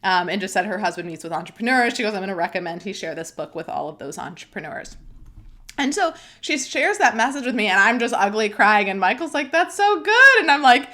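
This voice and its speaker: A woman's voice: medium pitch, lively intonation, quick pace, bright, forceful tone. A young adult woman hosting a podcast, talking openly and emotionally in a chatty way with many fillers, close to the mic. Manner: emotional, tearful, speaks openly. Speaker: podcast host. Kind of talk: candid personal podcast monologue.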